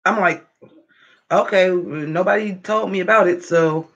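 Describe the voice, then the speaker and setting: A man chatting casually to his viewers on a livestream, animated and profane, talking straight at them. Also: high voice, unhurried. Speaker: livestream vlogger. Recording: dull lo-fi livestream audio.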